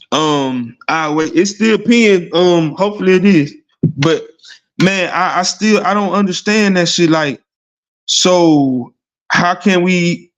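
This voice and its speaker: A man's voice: on the high side, fairly bright tone. Blunt, profane man ranting about football. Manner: blunt, profane, rambling and repetitive; rhetorical "see what I'm saying?" asides. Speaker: sports talk host. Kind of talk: casual sports talk livestream.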